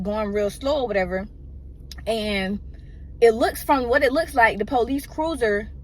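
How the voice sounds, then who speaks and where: A woman's voice: medium pitch, a little hiss or hum. A woman emotionally telling a personal story in a casual, rambling way and often addressing her listeners directly.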